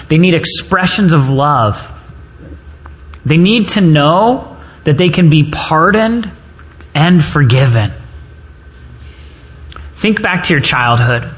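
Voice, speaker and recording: Guy giving a sermon, kinda higher voice, earnest, tells stories from when he was a kid. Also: fairly bright tone. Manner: earnest storytelling, personal anecdotes. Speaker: preacher.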